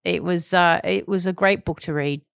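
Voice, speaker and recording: A woman's voice: on the low side, steady tone, normal speed, vocal fry, clean tone, no echo, studio quality. Chatty upbeat woman podcast host. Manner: chatty, upbeat, trails off mid-sentence. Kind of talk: casual interview chat.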